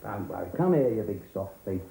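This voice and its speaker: A man's voice: on the low side, big pitch swings, fairly quick, gravelly, dark tone, reverberant, a little hiss or hum, poor audio. A man playing a chirpy, flustered chauffeur in a sitcom. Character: cheeky Cockney chauffeur Jimmy, grown man. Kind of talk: sitcom acting.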